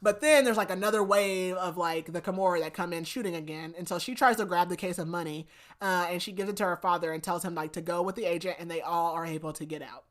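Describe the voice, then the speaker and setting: A young adult woman hosting a podcast, casually retelling a book's plot in an animated way, often saying "like". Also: lowish voice, fast. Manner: animated storytelling, frequent "like", laughs. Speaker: podcast host. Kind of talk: casual book recap.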